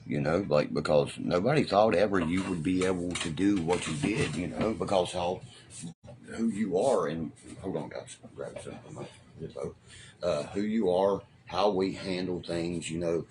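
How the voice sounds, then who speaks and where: A middle-aged man from talks to his live-stream viewers in a drawl. His voice sits low and deep. His talk rambles, swears freely and leans on fillers. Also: darkish tone, a little hiss or hum. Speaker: livestreamer. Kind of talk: casual live-stream chat.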